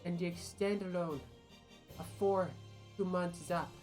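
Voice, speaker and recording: A scheming older man lays down quiet threats in a low, measured voice, as a woman puts him on. He speaks slowly and deliberately, with game music playing behind. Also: fairly even intonation, lightly acted. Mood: menacing. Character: menacing scheming older male villain. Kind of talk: game dialogue read aloud.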